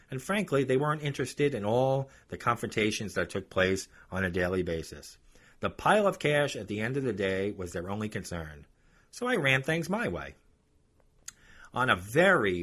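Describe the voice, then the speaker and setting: A man's voice: fairly low pitch, a bit bright, slightly rough. A man hosting a podcast, telling a story bluntly and sarcastically. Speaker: podcast host.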